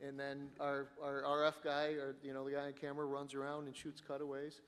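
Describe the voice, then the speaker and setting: A man on a conference panel describing his live sports production setup, talking haltingly with many fillers and restarts. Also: medium pitch, monotone. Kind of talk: panel discussion, technical explanation. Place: conference hall. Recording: echoey conference hall.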